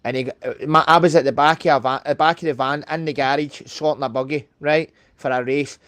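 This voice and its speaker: A middle-aged Scottish man hosting a live stream, telling a rambling story fast and swearing freely. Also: a little high, steady tone, a bit bright, dry recording, clean studio sound. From Scotland. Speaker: livestream host. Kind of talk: casual chat on a live stream.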